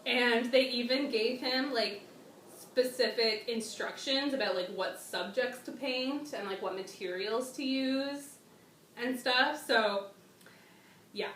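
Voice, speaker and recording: Woman host rambling slangy and hyped, kinda high voice, roomy echo, faint hiss. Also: slow, distant mic. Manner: slangy and excitable, trails off and restarts. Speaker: channel host. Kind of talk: casual chat with a guest. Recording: echoey room, off-mic, faint noise.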